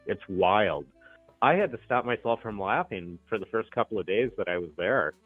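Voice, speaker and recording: A middle-aged man calling in to a talk show, telling a story in a chatty, animated way and laughing easily. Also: fairly low pitch, normal speed, no room sound, soft background music. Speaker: caller. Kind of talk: casual phone call-in chat. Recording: tinny phone line.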